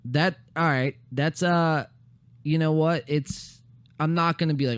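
A young man hosting a casual podcast, rambling and profane with many fillers, his voice going hoarse. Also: a little high, a little slow, no echo. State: losing his voice. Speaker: podcast host.

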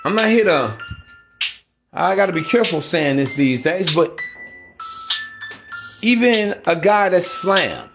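A man with a slightly raised pitch delivers a blunt advice monologue as a podcast host, swearing freely and preaching his points with force. Music plays clearly beneath his voice. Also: expressive, slow, long pauses. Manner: profane, emphatic, preachy street talk. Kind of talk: motivational dating advice monologue.

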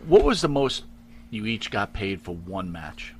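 A man's voice: fairly low pitch, sing-song, measured pace. A man hosting a casual interview who asks questions and laughs along. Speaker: podcast host. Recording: crowd noise behind the voice.

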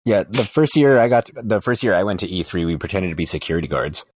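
A man appearing as a guest on a gaming podcast, telling stories in casual chat with a dry, deadpan manner. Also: low voice, quick pace, no echo.

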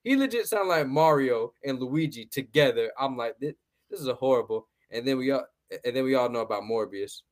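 A man's voice: medium pitch, expressive, a little fast, hardly any pauses. A man hosting a casual movie review podcast, talking bluntly with a lot of swearing, laughing, and repeated words. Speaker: podcast host.

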